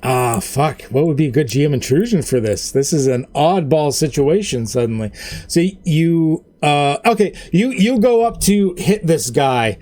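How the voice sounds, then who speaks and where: A man's voice: on the high side, lively intonation, mellow. A man running a tabletop game as game master, narrating with rambling asides. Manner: rambling, quick asides with fillers.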